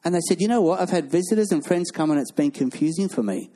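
A male pastor preaching a sermon, animated and acting out the voices of people in his stories. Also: fairly high pitch, fast.

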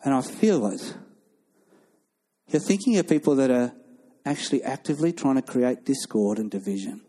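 A male pastor preaching a sermon, animated and acting out the voices of people in his stories. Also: mid-range voice, moderate pace.

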